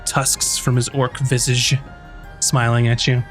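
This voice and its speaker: A man's voice: medium pitch, a little slow. Guy gm narrating a tabletop game, chatty and easygoing, some music behind. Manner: relaxed, chatty, filler-heavy narration. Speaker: game master.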